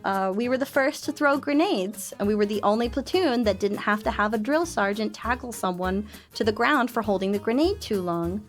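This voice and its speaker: A woman's voice: medium pitch, animated, normal speed, hardly any pauses, soft background music. A young woman streaming casual chat, bubbly and self-mocking, laughing often.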